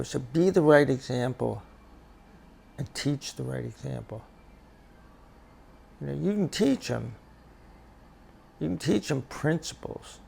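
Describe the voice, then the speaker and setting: Old grandpa rambling slow with a real gravelly crackly voice, keeps repeating himself. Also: male voice, mid-range voice, dark tone. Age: older. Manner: halting, repeats words, chuckles at himself. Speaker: grandfather sharing life advice. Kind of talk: casual reflective monologue.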